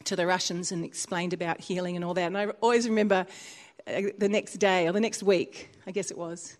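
A woman preacher giving a sermon in a church. She tells stories in an animated way, with big swings in pitch and frequent laughter. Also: fairly quick.

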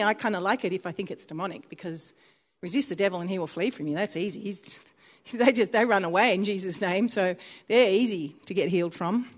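A woman preacher giving a sermon in a church. She tells stories in an animated way, with big swings in pitch and frequent laughter.

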